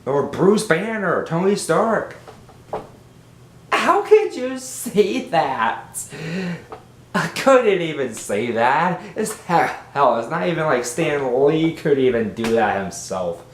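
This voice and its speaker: A man rambles through a casual movie review, his pitch swinging widely as he gets worked up. He talks slowly and drags out his words. The room sounds echoey, with a faint low rumble behind him. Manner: animated, exasperated, rambling.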